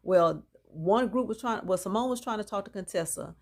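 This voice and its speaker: A woman at normal speed, mid-range in pitch, gives a casual, gossipy rundown of a reality TV episode. She talks directly to viewers, sharing opinions and reacting along the way.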